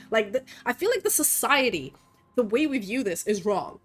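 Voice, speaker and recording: A woman's voice: medium pitch, normal speed, soft background music. Blunt, profane young woman streamer. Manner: blunt, profane, animated, lots of fillers. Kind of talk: casual opinionated rant while gaming.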